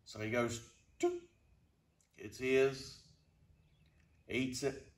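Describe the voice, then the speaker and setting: A man casually telling a funny travel story to his channel, with a slow, deadpan drawl. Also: mid-range voice. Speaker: storyteller vlogger. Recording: roomy, distant from the mic.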